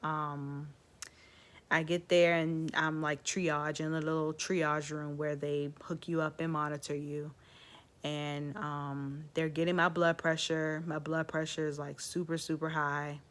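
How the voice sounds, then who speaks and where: Low-voiced woman telling a story casually. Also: level tone, a little slow, a bit bright. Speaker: vlogger telling her birth story.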